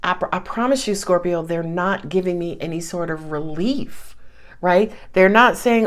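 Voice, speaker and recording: A woman giving a casual, animated tarot reading, laughing often and swearing freely as she talks. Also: fairly low pitch, unhurried. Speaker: tarot reader.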